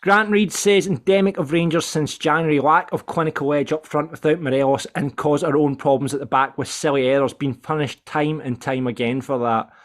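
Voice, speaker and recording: A man's voice: fairly high pitch, steady tone, fairly quick, hardly any pauses. A man hosting a casual football podcast, reading out listener comments and putting questions to the panel. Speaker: podcast host.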